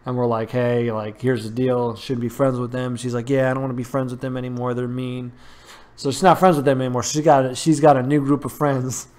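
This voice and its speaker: A man's voice: medium pitch, level tone, brisk, darkish tone. 30s guy telling a funny story on a live stream, laughs at himself. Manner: chatty storyteller, laughs at his own jokes. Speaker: host of a live gaming show. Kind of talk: casual chat.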